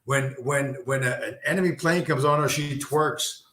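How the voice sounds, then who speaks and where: A man hosting a stream, telling a long, rambling story with heavy profanity and many fillers. His pitch sits in a middle range. The voice echoes around a roomy space. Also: normal speed, sharp tone. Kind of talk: casual rambling monologue. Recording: roomy echo.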